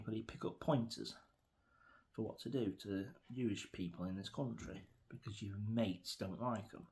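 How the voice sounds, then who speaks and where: A man's voice: on the low side, measured pace, a little mellow. A middle-aged man with an English accent, rambling through an opinionated vlog rant with many fillers and restarts. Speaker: vlogger.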